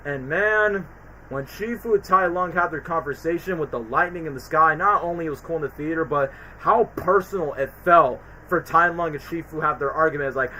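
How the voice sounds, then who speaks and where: A man streaming a casual film ranking, talking in an excitable, rambling way with many fillers. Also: a little high, fairly quick, slight background noise, rough recording. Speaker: streamer reviewing films. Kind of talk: casual chat.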